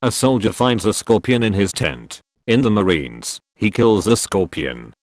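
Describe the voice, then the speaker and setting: A man reading a string of short military jokes as scripted narration, in an even, measured storytelling delivery. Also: lowish voice, dry recording, clean studio sound. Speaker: joke narrator.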